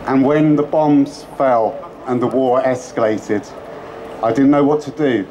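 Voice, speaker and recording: A man's voice: mid-range voice, unhurried, warm tone, dull audio, slight background noise. A man giving an impassioned protest speech at an outdoor rally, with emphatic, repetitive rhetoric. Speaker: rally speaker.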